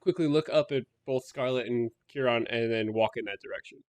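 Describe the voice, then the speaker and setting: A man playing in a tabletop game, announcing what his character does in an animated way. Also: mid-range voice, brisk. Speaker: player. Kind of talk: casual tabletop game play.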